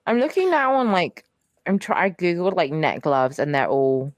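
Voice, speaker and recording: A woman's voice: on the low side, very animated, normal speed, no echo. A young woman co-hosting a podcast in casual chat, rambling with lots of fillers and casual swearing. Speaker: podcast co-host.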